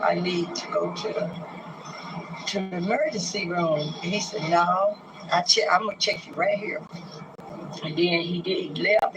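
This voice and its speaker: A man in his sixties speaks with a gravelly, fairly high voice, stopping and restarting as he tells his story. His words are halting and hesitant. The interview clip carries loud background noise. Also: dull audio. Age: 60s. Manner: halting, hesitant retelling with many pauses and restarts. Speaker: man recounting a police arrest. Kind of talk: recorded street interview.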